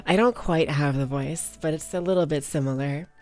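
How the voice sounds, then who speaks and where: A woman's voice: low voice, big pitch swings, unhurried, a little mellow, soft background music. A young woman with a slight Valley Girl accent, chatting casually with her live stream viewers, bubbly and giggly as she greets them by name.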